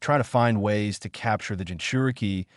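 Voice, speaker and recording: A man's voice: fairly low pitch, normal speed, dry recording, clean studio sound, close to an everyday voice. A man reading a sarcastic young male ninja in a fan story, mocking and lecturing. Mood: angry lecturing.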